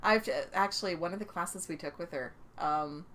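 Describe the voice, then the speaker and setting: A woman's voice: lowish voice, normal speed, a bit bright, slight background noise. A Canadian woman co-hosting a podcast, chatting casually and telling stories with lots of laughter and acted-out quotes. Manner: chatty storyteller, laughs often, acts out quotes. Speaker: podcast co-host. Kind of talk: casual chat.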